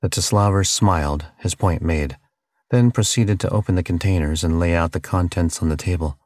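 Man, audiobook narration, very low voice, measured, dry close mic. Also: no echo. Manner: steady, measured reading. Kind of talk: scripted narration.

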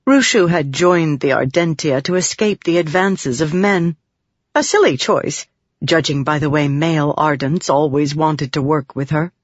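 Steady audiobook narrator, dry sound. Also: mid-range voice, measured pace, no echo. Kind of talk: scripted fantasy narration. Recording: dull dry studio audiobook.

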